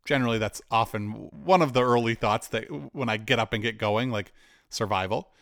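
A man's voice: medium pitch, brisk, creaky, fairly bright tone, dry recording, clean studio sound. A man, likely in his forties, telling a candid personal story in a conversational way with asides. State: cancer patient.

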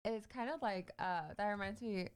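A woman hosting a podcast casually recounts a creepy story, chatty and quick to laugh, using lots of fillers. Her voice is medium-pitched, smooth, and at a normal speed.

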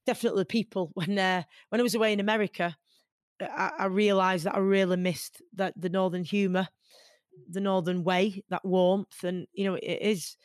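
Manc woman in her 40s chatting as a guest, earnest and lively, medium voice, dry close mic. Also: medium pitch, normal speed, no echo. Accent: Mancunian. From Manchester, England. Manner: earnest and animated, many fillers. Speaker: guest, boxer. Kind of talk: conversational interview.

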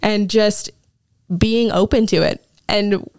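Earnest young woman with a smooth voice. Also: medium pitch, steady tone, slow pace, a little mellow, no room sound, studio quality. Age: young adult. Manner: earnest, emotional, frequent "like" fillers. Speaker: interview guest, Bible school student. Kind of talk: personal testimony in conversation.

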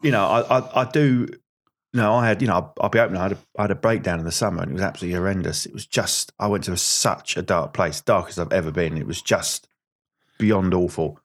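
A man's voice: deep voice, fast talker. A man talking openly and earnestly in casual podcast chat, with a teasing side. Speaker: podcast host.

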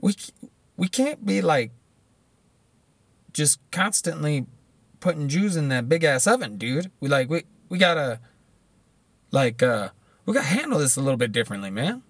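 Man doing a high, stammering slacker-adviser voice, casual and drawling, dry close sound. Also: sing-song, moderate pace, pauses often, no room sound. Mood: pleading. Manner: high-pitched, hesitant, casual "dude" talk. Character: laid-back drawling male adviser, mellow slacker.

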